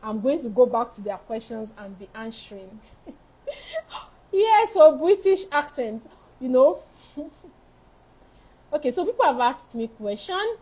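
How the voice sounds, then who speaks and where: A high-pitched woman coaches students in a live advice session. She talks frankly and with emphasis, and she drives each point home by repeating it. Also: big pitch swings, measured pace, pauses often, dark tone, rough recording. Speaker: study-abroad counselor. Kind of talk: live advice session answering viewer questions.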